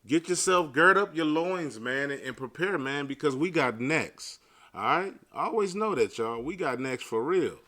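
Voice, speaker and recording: A man giving an informal sermon to his viewers, mixing casual slang with scripture readings and swinging from quiet murmurs to loud bursts. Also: a little high, animated, normal speed. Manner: casual street talk mixed with scripture reading. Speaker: online preacher.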